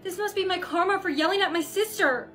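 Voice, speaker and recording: A woman's voice: extremely high pitch, a little fast, a bit bright, faint music behind. A woman playing the lead in a comedy skit with dramatic, exaggerated delivery. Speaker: main skit character.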